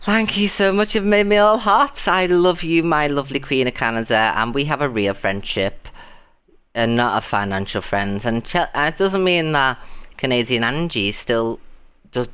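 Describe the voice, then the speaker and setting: A British man live streaming, chatting casually and thanking viewers, often shrieking with excitement. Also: mid-range voice, clean tone. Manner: animated, shrieking with delight at gifts.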